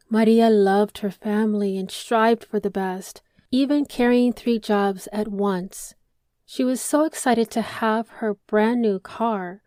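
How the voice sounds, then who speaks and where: A woman's voice: medium pitch, darkish tone, no room sound. Earnest woman podcast host, dry sound. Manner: earnest, heartfelt and reflective. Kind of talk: true-crime podcast interview.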